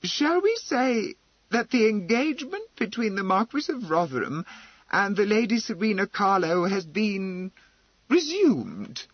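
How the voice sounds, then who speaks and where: Man doing a proud high-spirited lady, teasing and emphatic, husky, dull lo-fi sound. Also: big pitch swings, a little slow, no echo, heavily acted. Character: proud, spirited young noblewoman.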